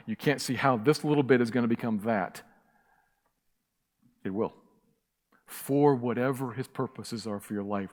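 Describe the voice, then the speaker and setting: A man preaching a sermon as pastor, emphatic and impassioned, repeating key phrases. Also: medium pitch. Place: church sanctuary. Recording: church hall reverb.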